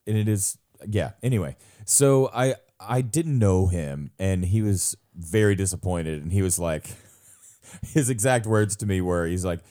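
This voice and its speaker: A man's voice: deep voice, a little slow, mellow. A young man co-hosting a podcast, telling a long funny story in casual chat, laughing often and mimicking other people's voices. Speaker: podcast co-host.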